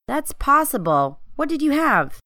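Brief: a woman as a fussing, affectionate nurse, bright tone with a lively lilt. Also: high-pitched, unhurried, dry recording, clean studio sound, heavily acted. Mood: reassuring. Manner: gentle, reassuring, affectionate. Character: kind, fussing female nurse, adult. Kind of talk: scripted dialogue for a language lesson.

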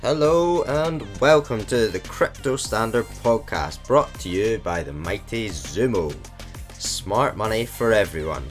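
A man with a very low voice co-hosting a podcast, laid-back and slow in his delivery. Faint music plays behind him. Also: animated. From Scotland. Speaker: podcast co-host. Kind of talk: casual podcast chat.

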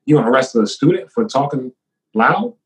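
A man telling stories in a casual podcast conversation, animated and full of slang. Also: mid-range voice, fairly quick, far from the mic.

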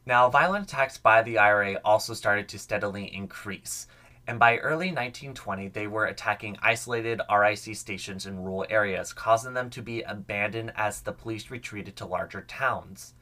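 A man's voice: lowish voice, normal speed, sharp tone. A young man hosting a solo history podcast, talking casually and enthusiastically. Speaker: podcast host.

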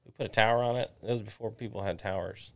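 A man, a realtor guest, telling casual animated stories and swearing freely. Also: fairly low pitch, fast. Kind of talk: casual storytelling chat.

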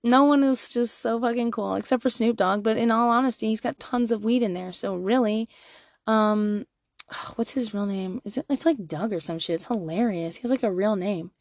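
A woman in her thirties, a mother, gives frank, profane parenting advice in a candid monologue, laughing often and shifting from quiet asides to loud bursts. Her voice is a little high and moderately paced, in a dry recording.

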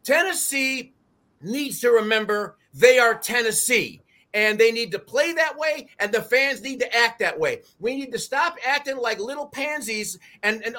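A man's voice: extremely high pitch, expressive, normal speed, sharp tone. A middle-aged man, passionately rallying fans on a sports talk show. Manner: fired-up, preachy, raises voice to rally fans.

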